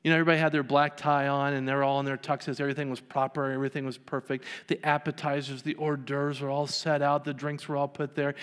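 A man preaching a sermon, his voice sitting a bit high for a man. He retells a story, acting out the people in it as he goes. The church around him rings with a long reverb. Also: steady tone, fast talker, few pauses, a bit bright, smooth. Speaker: pastor.

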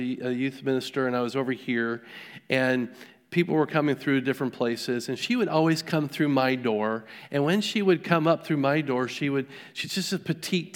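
A middle-aged male pastor delivering a sermon in a loose, conversational manner. He tells personal stories, stumbles into restarts and keeps asking the congregation questions. His pitch sits in an ordinary middle range. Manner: conversational storytelling, frequent restarts and rhetorical questions.

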